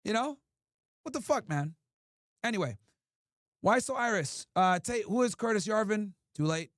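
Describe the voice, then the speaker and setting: A man's voice: high-pitched, lively intonation, moderate pace, no room sound, clean studio sound. A man hosting a livestream in casual talk, profane and ranting as he answers his chat. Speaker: streamer host.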